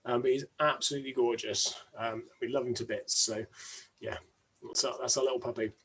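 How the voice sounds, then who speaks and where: A man's voice: mid-range voice, steady tone, a little fast, a bit bright, slightly rough. A man hosting his own weekly live stream from home, chatting unscripted and rambling with plenty of ums and restarts. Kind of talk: unscripted casual monologue.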